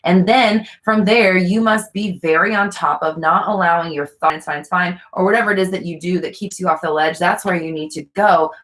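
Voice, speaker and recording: A woman's voice: lowish voice, steady tone, a little fast, few pauses, fairly bright tone. A woman coaching viewers in casual talk, earnest and repetitive, thinking aloud with fillers. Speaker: manifestation coach answering viewer questions.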